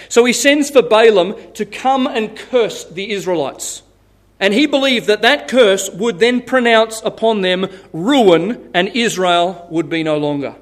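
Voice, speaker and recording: A man preaching a sermon as pastor, telling Bible stories in a lively way and laughing at his own tales. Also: extremely high pitch, a little slow.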